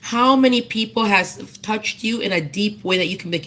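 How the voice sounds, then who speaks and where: A woman with a mid-range, slightly bright voice speaks at normal speed, though the audio is poor. She gives a personal tribute at a memorial service, telling stories conversationally before making earnest appeals to the audience.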